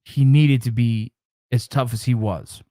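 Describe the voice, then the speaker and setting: A man in his forties hosts a casual livestream, speaking at a middle pitch. He is emphatic and repetitive and swears casually. The sound is dry, with no room echo. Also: fairly even intonation, measured pace, warm tone. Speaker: show host.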